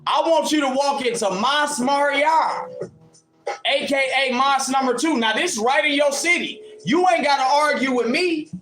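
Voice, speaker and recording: A man's voice: very high voice, moderate pace, a bit bright, reverberant, faint music behind. A man hosting a livestream, taunting and mocking a commenter in a combative rant. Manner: taunting, mocking, combative, laughs at his critic. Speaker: livestream host answering commenters. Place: in Ohio.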